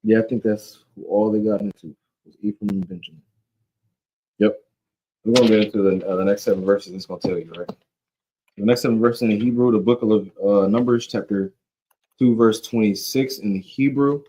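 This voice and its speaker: This Bible study teacher has a warm, lowish voice and speaks at a moderate pace, though the audio quality is poor. He keeps the scripture lesson loose and jokey with plenty of slang, often adding "you know what I'm saying."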